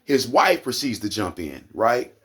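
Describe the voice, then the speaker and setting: Casting: Oklahoma man, low husky voice, heated profane vlog rant. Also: sing-song, unhurried, fairly bright tone. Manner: profane, heated, rising to high indignant peaks. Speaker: vlogger. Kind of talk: angry rant to camera.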